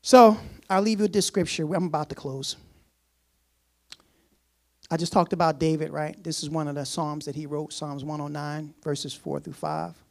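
A man preaching a sermon in a casual, conversational way, repeating phrases and chuckling softly. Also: a little high, fairly even intonation, moderate pace.

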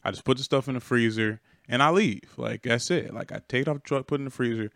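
A man's voice: medium pitch, quick pace, vocal fry, a bit bright, no echo, studio quality. A young man casually telling a long work story on a podcast, laid-back and slangy with plenty of swearing. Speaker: podcast co-host.

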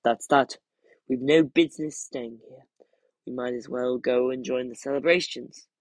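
A man reading aloud as an old, wise male headmaster wizard, calm and firm, with a gravelly voice. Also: mid-range voice, moderate pace, no echo.

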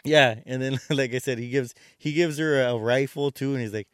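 Male podcast co-host, rambling casual recap, smooth resonant tone, dry close sound. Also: mid-range voice, normal speed, hardly any pauses, no room sound. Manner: rambling retelling with many fillers and restarts. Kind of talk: casual movie recap chat.

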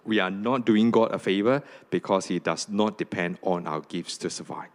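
A man preaching a sermon to a congregation, often asking "okay?" and "right?", and rising high when he reads scripture aloud. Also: moderate pace, few pauses. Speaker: pastor.

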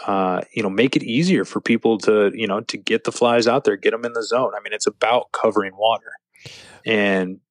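A fly shop owner talks rods with eager, easygoing enthusiasm. His voice is low. The sound is close and dry. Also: steady tone, fairly quick, no room sound. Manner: enthusiastic gear talk, says like and you know. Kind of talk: casual chat.

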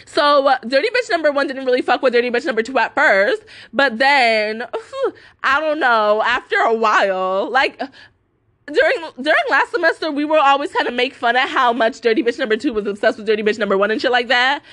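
Young woman ranting on her podcast, cussing a lot, high bright voice. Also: animated, brisk. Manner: cussing, heavy filler "like", quotes others in put-on voices. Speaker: podcast host. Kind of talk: casual rant.

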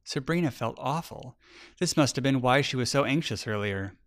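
A man narrating a children's storybook aloud with a gravelly voice and expressive, lively delivery. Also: mid-range voice, moderate pace.

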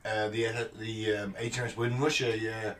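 A man co-hosting a podcast, talking in a rambling, sweary way and quick to agree with the others. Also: on the low side, little pitch movement, fairly bright tone, far from the mic. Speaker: podcast co-host. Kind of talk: casual chat.

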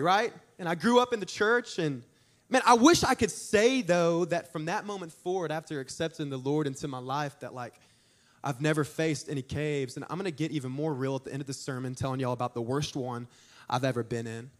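A young man preaching a sermon, telling stories in an animated, joking way with asides to the congregation. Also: on the high side, brisk. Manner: animated, jokey storytelling with audience asides. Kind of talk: storytelling sermon.

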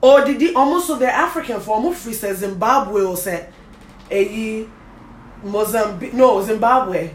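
A woman hosting a casual chat and telling a lively, slangy story about a date. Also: mid-range voice, measured pace, roomy sound. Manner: animated, slangy, laughing storyteller. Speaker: host.

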